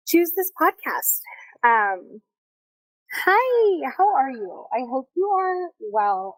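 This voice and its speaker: A woman's voice: on the high side, no echo, poor audio. A woman hosting a solo podcast, talking in a chatty, upbeat, encouraging way close to the mic. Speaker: podcast host. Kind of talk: casual solo podcast talk. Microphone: close mic, recorded on video.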